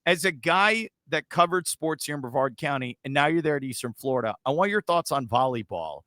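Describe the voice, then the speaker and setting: A man hosts a casual sports talk podcast, joking and throwing in quick asides. His voice is bright and lively, and it swings widely in pitch. The sound is dry and close. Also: dry recording. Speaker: podcast host.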